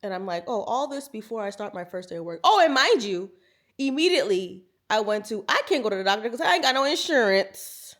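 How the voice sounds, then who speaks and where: A woman's voice: medium pitch, fairly quick. A woman in her thirties, a lifestyle vlogger telling a story to camera in a casual, chatty way, talking to viewers like friends. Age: 30s. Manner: animated, chatty, talks to viewers as "girl" and "y'all".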